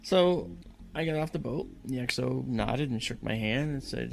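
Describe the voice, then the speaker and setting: Man, gravelly, mid-pitched, animated storyteller, recounting a personal story. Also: moderate pace, a little hiss or hum. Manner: animated storyteller who acts out quoted voices. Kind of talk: storytelling in conversation.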